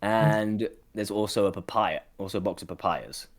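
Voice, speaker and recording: A man's voice: lowish voice, moderate pace. A man narrating a tabletop game as game master, hesitant and full of fillers.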